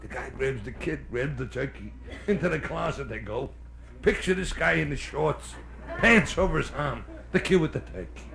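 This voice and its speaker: A male stand-up comedian with a Brooklyn accent, telling jokes live on a club stage and slipping into quick character voices. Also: a little high, vocal fry, a bit bright. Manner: brash storyteller doing quick character voices. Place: hotel nightclub stage. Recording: live club recording with faint noise. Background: audience laughter.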